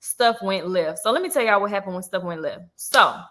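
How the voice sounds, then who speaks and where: Bright-voiced chatty woman. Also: medium pitch, a little fast. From Georgia, US. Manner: chatty, animated, acts out quoted voices. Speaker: vlogger. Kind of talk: casual storytime chat.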